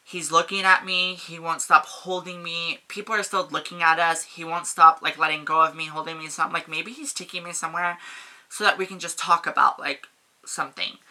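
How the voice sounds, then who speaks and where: A young woman telling a casual storytime on her vlog, animated, swearing and saying "like" a lot. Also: lowish voice, rough recording. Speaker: vlogger.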